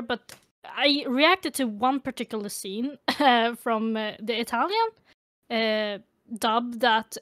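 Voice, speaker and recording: Woman, podcast host, slow, dry close sound. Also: fairly high pitch, a bit bright, no echo. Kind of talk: casual podcast chat.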